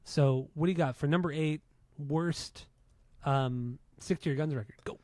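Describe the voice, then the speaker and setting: Male podcast host, slightly high-pitched, quick casual delivery, dry close-miked sound. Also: dark tone, no room sound. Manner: fast, chatty intro patter.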